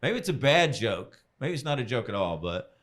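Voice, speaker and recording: A man's voice: medium pitch, sing-song, moderate pace, fairly bright tone. Rambling, swearing male comedian. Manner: rambling, self-deprecating storyteller, swearing freely. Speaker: comedian guest. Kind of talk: casual podcast chat.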